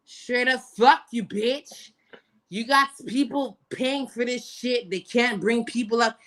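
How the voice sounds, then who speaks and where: Loud cussing new york woman rambling on a stream, kinda high voice. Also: slow pace, no echo. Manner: brash, profane, rambling. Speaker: stream guest. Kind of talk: casual stream chat.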